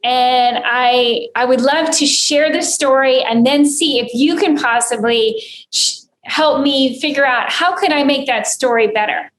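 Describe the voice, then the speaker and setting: High-voiced woman in an echoey room. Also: measured pace. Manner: hesitant, personal, lots of fillers. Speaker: podcast host. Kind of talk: casual conversation. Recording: echoey room with faint noise.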